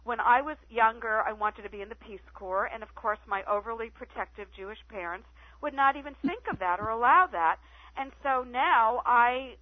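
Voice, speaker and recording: Woman guest on a phone line, animated storyteller, higher pitch, dry and tinny. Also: no room sound. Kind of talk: phone-in radio interview. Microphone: telephone.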